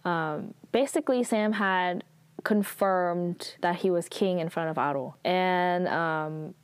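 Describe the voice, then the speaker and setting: A woman's voice: on the low side, takes it slowly, clear, resonant tone, dry recording. A young woman casually recapping a story, chatty and full of "like" fillers. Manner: chatty, heavy use of "like" fillers. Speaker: show recapper.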